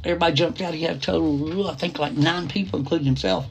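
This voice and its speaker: Gravelly middle-aged man telling a story. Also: a little high, steady tone, fast. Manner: rambling, with restarts and asides; quoting others in a plain voice. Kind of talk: first-person story narration. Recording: soft guitar music behind.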